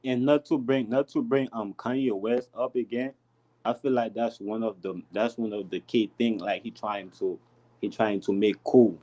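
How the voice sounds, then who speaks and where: A man's voice: on the low side, steady tone, normal speed, mellow, poor audio. Rambling man in casual talk. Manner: rambling, lots of fillers and restarts. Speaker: panel speaker. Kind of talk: casual chat.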